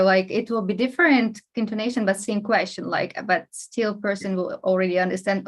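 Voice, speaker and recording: A woman interviewing a guest, a non-native English speaker who listens attentively and murmurs frequent soft acknowledgments. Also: medium pitch, fairly even intonation, fairly quick, hardly any pauses. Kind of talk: casual conversational interview.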